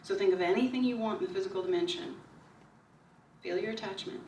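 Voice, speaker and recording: A woman giving a calm, repetitive spiritual talk at her book signing, slowing down to stress key ideas. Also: medium pitch, a little hiss or hum. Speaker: author speaking at a book signing. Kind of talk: spiritual talk to a small audience. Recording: echoey room recorded from far off.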